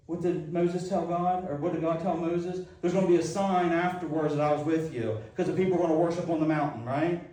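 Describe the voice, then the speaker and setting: Preacher in a very echoey church. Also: male voice, fairly high pitch, normal speed, warm tone. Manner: dramatic retelling, voicing the speakers in the scripture. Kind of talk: sermon. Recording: very echoey hall, heard from a distance.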